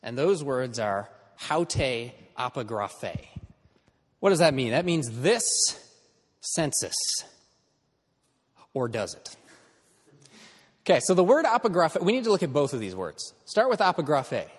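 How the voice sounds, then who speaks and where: Animated man lecturing a class. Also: mid-range voice, a little slow, pauses often, breathy edge, big-room sound. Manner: lively, conversational, checks in with the class.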